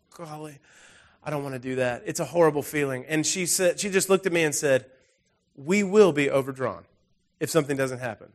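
A man preaching a sermon in a relaxed, conversational way, telling personal stories with frequent restarts. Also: a little high. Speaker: pastor.

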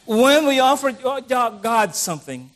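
A man's voice: very high voice, sing-song, slow, fairly bright tone. A middle-aged man preaching a conversational sermon, acting out the voices of the people he quotes.

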